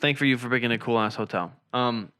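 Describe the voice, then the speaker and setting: A young man with a bright, forceful voice rambles through a story on a casual podcast. He swears freely and talks loosely, restarting as he goes. He is recorded indoors on camera. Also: mid-range voice, fast talker, clean tone. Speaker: podcast host. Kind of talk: casual chat. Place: indoor room, seen on camera.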